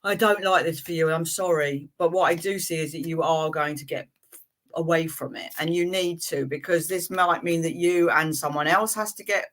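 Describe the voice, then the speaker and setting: A woman giving a live tarot reading, speaking haltingly as she searches for words, often trailing off and starting over. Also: sits low, fairly even intonation, a bit bright. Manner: halting, searching, trails off and restarts mid-thought. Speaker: tarot reader.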